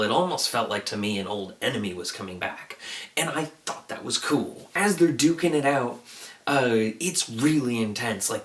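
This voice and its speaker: A man reviewing a TV episode in a casual, excitable, chatty way, full of "like" and quick retellings. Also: medium pitch, roomy sound, far from the mic. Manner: chatty, excitable retelling with frequent "like" and acted-out quotes.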